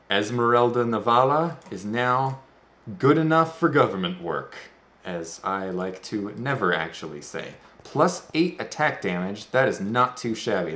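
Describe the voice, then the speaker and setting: Low-voiced rambling gaming commentator man. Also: a bit bright, reverberant. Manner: rambling, self-deprecating, goofy asides. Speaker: let's-play host. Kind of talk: casual gameplay commentary.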